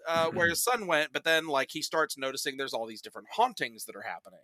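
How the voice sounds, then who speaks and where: A man with a very bright, forceful voice, somewhat higher than most, recounting movie plots in a loose podcast chat. He tells them in an animated way, swears freely and jumps between voices. The sound is close and dry. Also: quick pace, hardly any pauses, dry recording. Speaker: podcast guest reviewing films.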